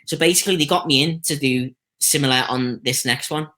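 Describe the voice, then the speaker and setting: Speaking a little fast at medium pitch, this Scouse stuntman swaps stories during a relaxed interview. His anecdotes are lively and chatty, and he acts out other people's voices.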